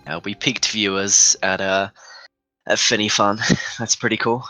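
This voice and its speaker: A man's voice: lowish voice, fairly even intonation, measured pace, sharp tone, poor audio. A young man giving casual, joking commentary on a live speedrun and reading out chat as he goes. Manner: joking, rambling, reads chat aloud. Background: faint game music.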